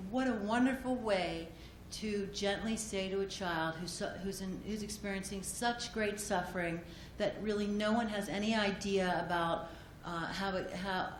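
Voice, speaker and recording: Woman speaking gently in an echoey hall. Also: medium pitch. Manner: gentle, halting, many fillers and restarts. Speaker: award acceptor speaking for a doctor. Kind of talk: heartfelt conference speech. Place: conference hall. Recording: echoey hall, audience noise.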